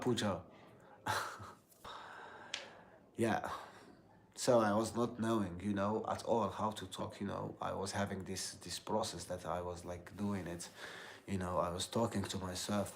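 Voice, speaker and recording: A man from Algeria with an Algerian accent, chatting casually on a livestream in halting English full of fillers and repeated words. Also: sits low, flat delivery. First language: Algerian Arabic. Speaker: livestream host.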